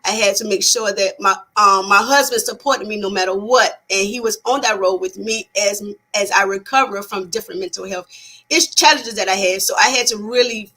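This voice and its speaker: A woman's voice: mid-range voice, a little fast, bright, forceful tone, low-quality recording. A woman psychotherapist talking as a guest in a casual interview, earnest, with frequent restarts and repeated words.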